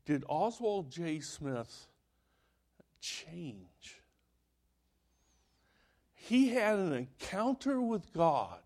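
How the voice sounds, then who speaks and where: Man preaching a sermon, high voice, takes his time, acts out the story. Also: very slow, long pauses. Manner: animated storytelling, acting out quoted voices. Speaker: pastor.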